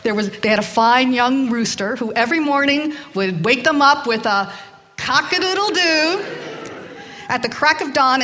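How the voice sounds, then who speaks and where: A woman's voice: on the high side, fairly bright tone, slight background noise. A woman telling a story live to children in a hall, hesitant, with many fillers, drawing in the audience.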